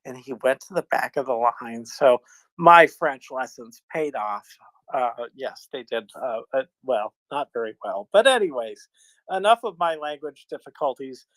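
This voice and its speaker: A man's voice: medium pitch, expressive, measured pace, a bit bright, no room sound, low-quality recording. Rambling self-mocking American man. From United States. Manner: rambling, self-deprecating storyteller. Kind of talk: casual chat.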